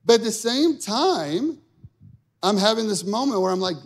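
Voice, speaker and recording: High-voiced man preaching with humor. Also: big pitch swings, moderate pace. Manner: conversational and humorous, acting out inner dialogue. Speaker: pastor. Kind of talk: sermon.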